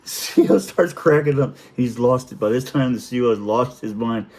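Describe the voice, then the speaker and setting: Brief: middle-aged ex-Navy chief, gravel-soft husky voice, profane and chuckling. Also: male voice, medium pitch, expressive, normal speed. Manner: profane, chuckling, rambling anecdotes; often clears his throat. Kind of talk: casual storytelling vlog.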